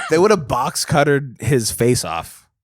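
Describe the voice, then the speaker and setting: Comic podcast host, lively swinging pitch, dry close sound. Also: male voice, unhurried, no room sound. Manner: jokey, riffing, loud laughs. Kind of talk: casual comedy chat.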